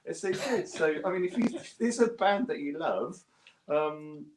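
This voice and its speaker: Chatty British man in a roomy room. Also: measured pace. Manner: chatty and self-deprecating, with lively pitch jumps. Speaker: guest bass player and gear reviewer. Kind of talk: casual interview chat. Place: home studio. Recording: roomy echo.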